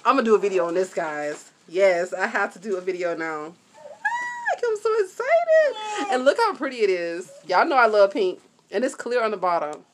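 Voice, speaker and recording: A young woman, excitedly unboxing products at home and talking to her viewers. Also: on the low side, fairly quick, noisy background. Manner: gushing and excitable, addresses viewers as y'all and you guys. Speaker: vlogger. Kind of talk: product haul vlog. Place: home, indoors.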